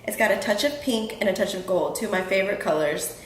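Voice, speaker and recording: A fast-talking podcast host with a mid-range voice speaks earnestly and casually to her audience from her Houston home. She restarts sentences and says um often. The audio is low-quality and roomy, with slight background noise.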